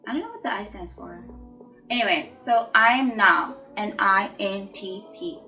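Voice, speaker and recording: A young woman vlogging casually about her personality test results, playful and dramatic, with sudden loud bursts of excitement. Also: mid-range voice, moderate pace, over music, rough recording.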